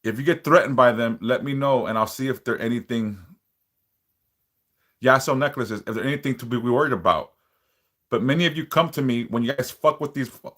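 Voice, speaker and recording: A man's voice: medium pitch, fairly bright tone. A man hosting a casual livestream, reading out viewer comments and bluntly warning them with plenty of swearing. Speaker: livestream host, spiritual worker.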